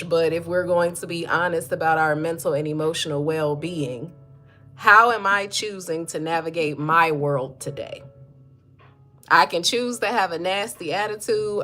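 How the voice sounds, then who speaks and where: A woman's voice: lowish voice, a bit bright. Chatty woman hosting a motivational livestream. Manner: chatty, greets viewers by name, reads comments aloud. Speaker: mental health livestream host. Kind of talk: casual motivational livestream talk.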